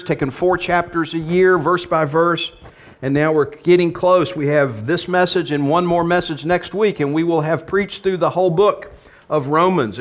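A middle-aged male pastor delivering a relaxed, conversational sermon. His voice sits a bit on the higher side for a man, and he tells family stories in a friendly, storytelling manner, often restarting his phrases.

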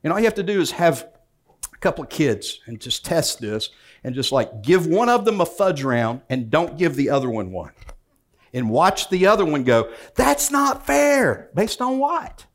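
Pastor preaching conversationally. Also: male voice, a little high, sing-song, moderate pace. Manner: conversational preaching with joking asides; reads scripture aloud then explains it. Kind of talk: sermon.

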